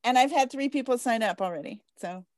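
A woman's voice: on the high side, animated, a little fast, a little mellow, dry recording. A woman hosting an interview podcast, bubbly and gushing, laughing often as she chats. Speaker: podcast host. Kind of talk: casual interview chat.

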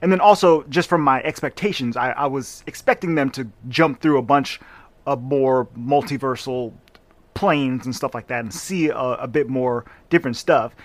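A man hosting a casual podcast, reviewing a movie in an animated, jokey way. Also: medium pitch, no room sound. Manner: animated, jokey, quick to riff and do voices. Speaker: podcast host.

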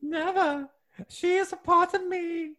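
A man voicing a fussy elderly lady in a high falsetto. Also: steady tone, takes it slowly, pushed and bright, heavily acted. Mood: prissy. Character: prim elderly English lady, fussy and theatrical.

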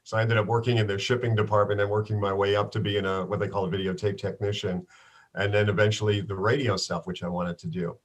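A middle-aged man from New York City with a faint New York accent, telling stories as a guest in a casual interview with quick restarts. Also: lowish voice, little pitch movement. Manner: rambling storyteller, quick restarts. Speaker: guest, radio broadcaster.

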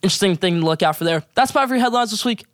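A young sports podcast host rattling off quick, excitable opinions. The pace is rapid and the pitch jumps high on emphasis. The sound is dry and close, with no room around it. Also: no echo. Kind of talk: casual sports opinion talk.

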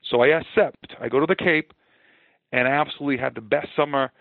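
A man in his forties, a former ballplayer, telling his story in an interview with earnest, animated energy and frequent repeated phrases. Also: mid-range voice, a little fast, gravelly, dry recording. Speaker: podcast guest, former baseball player. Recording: dry, narrow phone-like sound.

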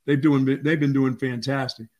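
An older man co-hosting a sports talk show, telling lively stories and acting out quotes. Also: mid-range voice, moderate pace. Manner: animated storyteller, acts out quotes. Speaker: sports radio co-host.

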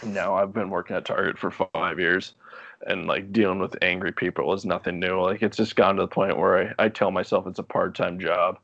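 Podcast guest, young man, deep voice, easygoing rambling storyteller, dry muffled recording. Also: brisk, gravelly, dry recording. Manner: relaxed, rambling, laughs often. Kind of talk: casual storytelling chat.

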